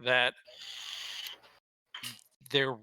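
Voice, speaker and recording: Bright-voiced man running a tabletop game. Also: medium pitch, completely flat delivery, drawn-out words, smooth, no room sound, rough recording. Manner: rambling, self-correcting, laughs at himself. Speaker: game master.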